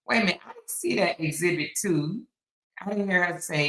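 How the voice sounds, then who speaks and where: Woman host chatting to her viewers, lowish voice with a sharp edge, echoey room. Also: expressive, fairly quick, vocal fry. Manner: chatty, exclamatory, talks to viewers as "y'all". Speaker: commentary host reviewing court recordings. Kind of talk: casual live-stream commentary.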